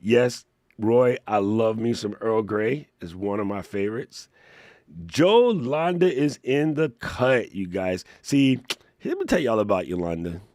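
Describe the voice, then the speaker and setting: A man hosting a live Q&A stream, playful and joking, chatting to viewers in a slightly hoarse voice. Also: on the low side, sing-song, unhurried, a little mellow, no room sound, clean studio sound. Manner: playful, joking, laughs often, reads chat aloud. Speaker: livestream Q&A host. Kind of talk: casual live-stream chat.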